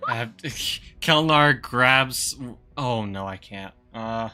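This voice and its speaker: A man's voice: mid-range voice, extremely slow, bright, forceful tone, smooth, soft background music. A man playing his character in a tabletop game, talking casually and hesitantly. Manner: hesitant, with many fillers. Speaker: player.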